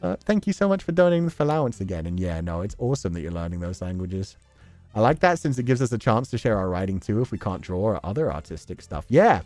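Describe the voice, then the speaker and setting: A man's voice: fairly low pitch, sing-song, quick pace, darkish tone, no echo, faint music behind. A man hosting a livestream, chatting loosely with viewers, full of fillers and frequent laughter. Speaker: livestream host. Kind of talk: casual livestream chat reading viewer messages.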